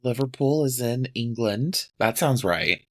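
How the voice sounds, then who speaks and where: A man's voice: mid-range voice, lively intonation, unhurried. A man co-hosting a podcast in casual chat, guessing playfully and hesitantly with many fillers. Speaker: podcast co-host.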